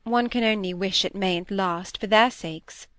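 A woman's voice: medium pitch, unhurried, no room sound, close to an everyday voice. A woman reading aloud and voicing a fussy, self-absorbed middle-aged stepmother who chatters and brushes off objections. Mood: chattering. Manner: chattering, dismissive, sharp.

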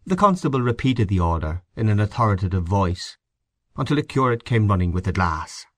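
A man giving a measured, expressive reading of a short story as its narrator. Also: fairly low pitch, no room sound. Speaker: audiobook narrator.

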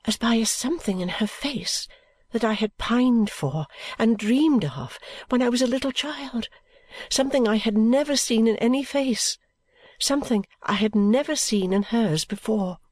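Woman calmly narrating an audiobook. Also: medium pitch, dry recording. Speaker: audiobook reader. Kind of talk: first-person audiobook narration.

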